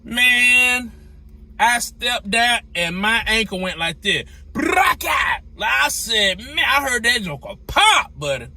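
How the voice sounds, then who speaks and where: Bright, animated trucker telling a story. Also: male voice, very high-pitched, slow. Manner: animated, repetitive, exclamatory. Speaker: owner-operator truck driver. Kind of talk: casual storytelling vlog.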